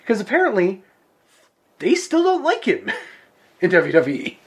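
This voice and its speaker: A man's voice: high voice, wildly swooping pitch, unhurried, pauses often, husky. A man co-hosting a wrestling podcast in casual chat, swearing freely and laughing often. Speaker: podcast co-host.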